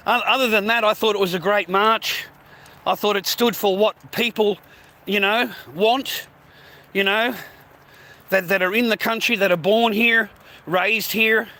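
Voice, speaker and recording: High, bright-voiced Australian man ranting. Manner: heavily profane, rambling, laughing scornfully. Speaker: live streamer. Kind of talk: casual live-stream rant.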